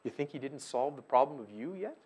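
Animated male pastor preaching. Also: medium pitch, fairly quick, slightly rough. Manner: animated, swings from loud emphasis to hushed tones. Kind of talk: sermon.

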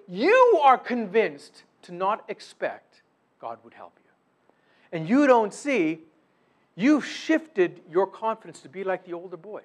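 Animated high-voiced man preaching. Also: takes it slowly. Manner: preaching with sudden loud emphatic bursts and soft drops; acts out imagined voices and prayers. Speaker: pastor. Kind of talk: sermon.

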